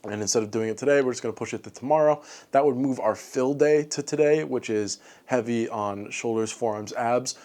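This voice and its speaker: A man's voice: medium pitch, a little mellow. A man giving a casual late-night vlog recap of his day, rambling with lots of fillers and ending with upbeat encouragement. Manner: talking a little fast late at night. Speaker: fitness vlogger.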